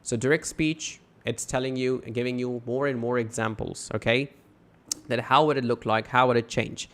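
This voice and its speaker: A man's voice: medium pitch, steady tone, moderate pace, fairly bright tone. A man gives a casual online English grammar lesson, reading example sentences aloud and then talking them through. He leans on fillers such as "you know" and "right?" as he goes. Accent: South Asian English.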